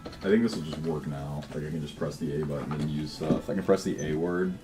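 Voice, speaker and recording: A man's voice: extremely low pitch, a little fast, music in the background. A man chatting casually on a livestream while he codes, swearing, laughing easily and often restarting his words. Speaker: game developer livestreaming.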